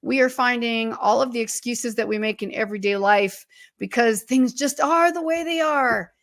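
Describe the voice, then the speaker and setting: Hoarse, husky woman co-host, cheerful chat, higher voice, dry studio. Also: moderate pace, a bit bright, no room sound. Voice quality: husky, froggy. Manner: upbeat, laughs often. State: hoarse from losing her voice. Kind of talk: casual podcast chat.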